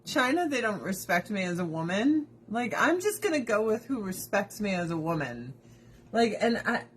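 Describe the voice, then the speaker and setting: A woman talks straight to her livestream audience from home. She rants bluntly and swears freely, and her voice sits fairly high. A faint hiss of noise runs under the recording. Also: fairly bright tone. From United States. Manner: blunt, profane, opinionated ranting. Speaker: livestream host. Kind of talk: casual livestream chat. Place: at home with pets.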